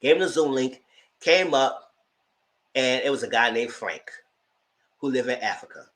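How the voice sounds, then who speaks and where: Man, casual TV recap, animated storyteller, acts out quotes, mid-pitched voice. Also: normal speed, rough recording. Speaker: TV show reviewer.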